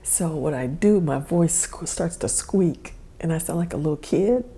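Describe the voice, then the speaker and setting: A woman's voice: sits low, normal speed, dark tone, slightly rough. A woman hosting a podcast, telling a personal story in a rambling, self-correcting way and chuckling often. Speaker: podcast host. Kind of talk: casual storytelling monologue.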